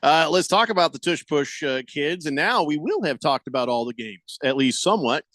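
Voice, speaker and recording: Joking radio host guy, kinda high voice, dead dry studio sound. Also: animated, moderate pace, a bit bright, dry recording. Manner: joking, sarcastic, acts out quotes. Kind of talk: casual sports talk.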